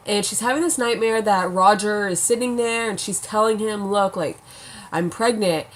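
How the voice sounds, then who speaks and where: Slow, chatty young woman reviewing a show. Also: mid-range voice, a bit bright. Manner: chatty, says "like" a lot, swears casually. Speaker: TV episode reviewer. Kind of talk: casual chat.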